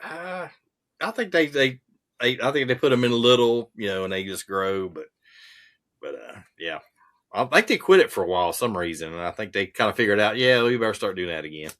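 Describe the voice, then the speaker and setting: A man, a guest angler in casual chat, telling animated stories with sound effects. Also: lowish voice, a little fast.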